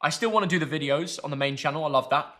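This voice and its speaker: A man's voice: on the high side, rapid-fire, sharp tone. A young man, co-hosting a live football watchalong with playful, chatty banter. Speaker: co-host.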